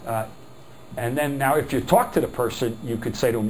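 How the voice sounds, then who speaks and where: A man's voice: medium pitch, fairly quick, a little hiss or hum, rough recording. A man teaching a sales workshop, talking in a loose, rambling way full of "you know" and breaking into emphatic, exasperated remarks. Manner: folksy, rambling with many "you know" fillers. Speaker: sales trainer. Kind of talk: workshop lecture.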